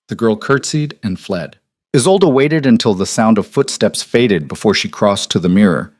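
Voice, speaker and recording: A man narrating a historical romance audiobook in an even, measured storytelling manner. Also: fairly low pitch, no room sound, clean studio sound.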